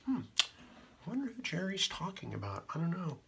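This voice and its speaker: A man's voice: high voice, wildly swooping pitch, brisk, vocal fry, fairly bright tone, slightly rough. A man hosting a casual radio show, rambling through stories with many fillers and asides. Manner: meandering, full of fillers and asides. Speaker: radio host.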